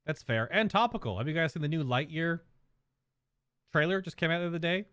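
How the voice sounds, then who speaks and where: A man's voice: a little high, expressive, a little fast, fairly bright tone, clear, resonant tone, dry recording, clean studio sound. A man streamer giving casual, rambling reaction commentary in an amused way.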